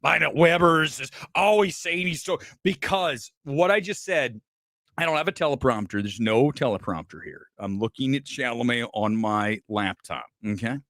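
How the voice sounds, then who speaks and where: Animated profane film-show host, dry sound. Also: male voice, moderate pace, dry recording. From Ohio, USA. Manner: animated, swings between loud outbursts and low asides, profane. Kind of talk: casual commentary on a livestream. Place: home studio, speaking to a laptop.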